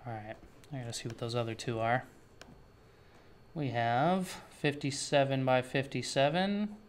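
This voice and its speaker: A man walks through a web tutorial in a casual, offhand way, narrating each step as he thinks it through. His voice sits at an ordinary middle pitch, and he drops dry, sarcastic asides. A faint hiss sits under the recording. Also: a little slow. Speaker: web developer teaching a tutorial. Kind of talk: screen-share coding tutorial.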